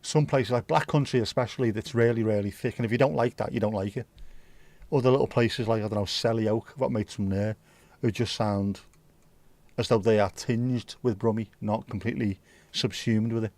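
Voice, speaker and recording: A man's voice: on the low side, steady tone, a little fast, a little mellow, dry recording. A man hosting a livestream, chatting casually and answering viewer comments in a blunt, opinionated way, swearing freely. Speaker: livestream host.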